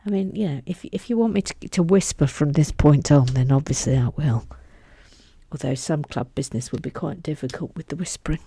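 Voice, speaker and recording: A woman's voice: low voice, a little fast, warm tone, husky, no room sound. A woman with an English accent chatting playfully as co-host while building a model. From England. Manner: playful, chatty, puts on silly sing-song voices. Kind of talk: casual chat while building.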